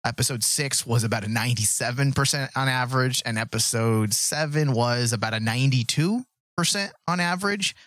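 A man's voice: medium pitch, brisk, a bit bright, no echo, clean studio sound. A man co-hosting a casual podcast discussion, blunt and opinionated, swearing casually. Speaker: podcast co-host.

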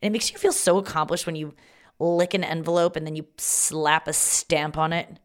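A woman's voice: low voice, fairly even intonation, moderate pace. A woman hosting a podcast in a rambling, casual monologue, swearing freely and joking at her own expense. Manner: chatty, rambling, profane and self-mocking. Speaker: podcast host.

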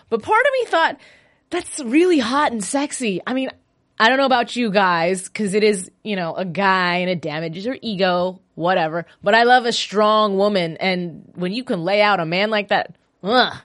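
A woman's voice: mid-range voice, normal speed, no echo, studio quality. A woman hosting a show, talking casually and animatedly, often acting out quotes. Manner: chatty and animated, quoting characters in voices. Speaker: host. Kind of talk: casual recap podcast.

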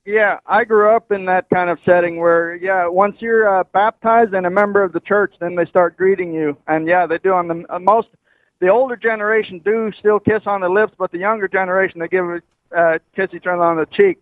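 A man's voice: high-pitched, steady tone, fairly quick, no room sound. A man calling in to a radio show, speaking plainly with some hesitation. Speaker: caller. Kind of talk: phone-in call. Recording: tinny phone line.

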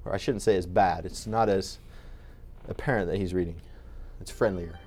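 A man's voice: deep voice, fairly even intonation, moderate pace, darkish tone. A man presenting at a conference, talking conversationally with frequent restarts. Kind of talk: conference talk.

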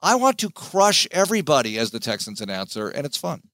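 A man, a sports play-by-play announcer, giving an animated, emphatic interview as a podcast guest. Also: fairly high pitch, a little fast, no echo.

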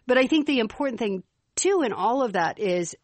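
A woman with a Chicago accent co-hosting a parenting podcast, explaining ideas in a steady, storytelling way. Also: a little high, brisk, no echo. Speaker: podcast co-host. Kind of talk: casual parenting chat.

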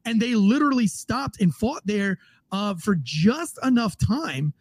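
A man hosting a casual political podcast, telling stories in a profane, rambling, excitable way. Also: high voice, a little slow, husky, no echo. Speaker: podcast host.

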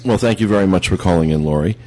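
A man hosting a podcast, introducing voicemails and answering callers in a relaxed way. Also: deep voice, racing. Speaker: podcast host reading voicemails.

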